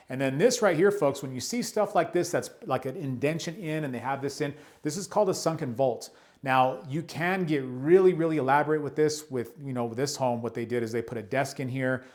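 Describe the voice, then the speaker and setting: Enthusiastic man touring a house. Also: medium pitch. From United States. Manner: enthusiastic, chatty, points things out as he walks. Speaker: real estate broker giving a home tour. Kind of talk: walkthrough home tour narration. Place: indoors in a large house, walking room to room.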